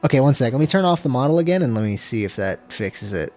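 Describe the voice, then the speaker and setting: Lively, foul-mouthed gaming streamer. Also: mid-range voice, fast. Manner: swears freely, frustrated outbursts; laid-back, talks to chat. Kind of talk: casual gameplay livestream chat.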